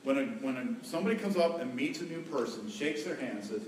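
A man's voice: medium pitch, lively intonation, fairly quick, recorded from a distance, slight background noise. A middle-aged man preaching a sermon on marriage as a folksy storyteller who jokes with his listeners and repeats key words. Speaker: pastor. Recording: echoey hall, voice from afar.

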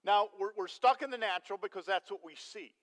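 A man preaching a sermon as pastor, telling a story with animated energy and putting questions to the congregation. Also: high-pitched, quick pace. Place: church sanctuary. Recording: long hall reverb.

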